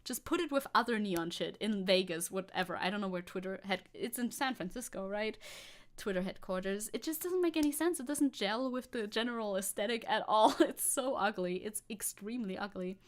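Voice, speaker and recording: A woman streamer chatting casually on a live stream, sarcastic and quick to swear, with laughing asides. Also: mid-range voice. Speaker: VTuber streamer.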